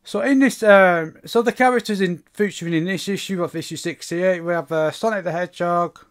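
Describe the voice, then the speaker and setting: A man's voice: high-pitched, fairly quick. A man giving a casual spoken review of a comic book issue, rambling with many fillers and restarts.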